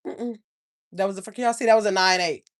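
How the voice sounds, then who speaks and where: A woman's voice: mid-range voice, quick pace. An older woman chats casually on a livestream. She rambles, stops to search for things, and calls her viewers y'all. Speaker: channel host.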